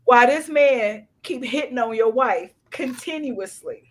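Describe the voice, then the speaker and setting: A woman's voice: fairly high pitch, expressive, a little slow, a little hiss or hum. A woman co-hosting a podcast, recapping a TV episode in casual chat and scolding the characters emphatically. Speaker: podcast co-host.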